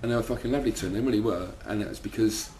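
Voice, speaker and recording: A man's voice: on the low side, racing, darkish tone, slight background noise. A man, telling rambling, swearing anecdotes in an interview. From London, second generation Irish. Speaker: band member. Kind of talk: casual interview storytelling.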